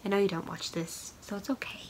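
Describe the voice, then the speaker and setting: A woman's voice: medium pitch, fairly even intonation, fast, slight background noise, low-quality recording. A woman hosting a knitting podcast, chatting casually and rambling with plenty of fillers as she shows yarn to the camera. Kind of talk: casual chat showing yarn.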